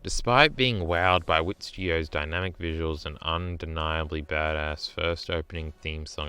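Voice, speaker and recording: A man's voice: very deep voice, normal speed, few pauses, pushed and bright, smooth. A man streaming casual reaction commentary on an article, rambling and swearing, with many fillers and "right?" tags. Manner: rambling, profane, lots of "uh" and "right?".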